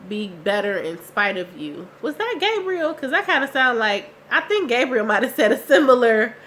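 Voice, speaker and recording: A young woman recaps a TV episode from her couch at home, talking in a loose, slangy, chatty way. She is under the weather, so her voice comes out a bit rough. A faint hiss sits under the recording. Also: on the high side, big pitch swings, moderate pace, a bit bright. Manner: chatty, slangy, reacting with laughs and asides. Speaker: TV recap vlogger.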